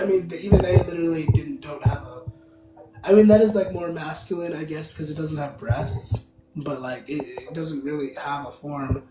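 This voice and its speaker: A man hosting a tarot reading livestream, chatting loosely and answering viewer comments aloud as he goes. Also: fairly high pitch. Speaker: tarot card reader, livestream host. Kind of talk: casual livestream chat. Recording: roomy, distant mic, music behind. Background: music playing.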